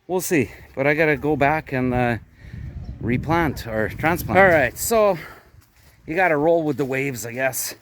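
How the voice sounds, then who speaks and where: Canadian man, fairly high-pitched, casual rambling vlog host, outdoor garden, faint background noise. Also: lively intonation, measured pace, a bit bright. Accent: Canadian English. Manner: chatty, rambling explanations. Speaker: vlogger. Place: outdoors at a country garden plot.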